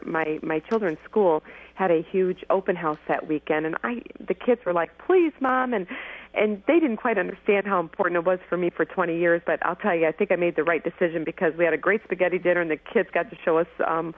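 A woman's voice: fairly low pitch, no echo. A woman in her forties from Michigan, heard over a thin, tinny phone line. She talks in an eager rush, tripping over and restarting her phrases. The sound is dry, with no room around it. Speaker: guest, former pageant winner. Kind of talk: animated storytelling interview.

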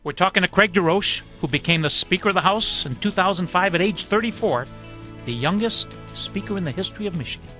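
A radio talk show host, a man with a fairly high, bright voice, speaks in a measured way as he introduces his guest and frames questions. Faint music plays under his studio mic. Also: animated. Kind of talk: radio interview.

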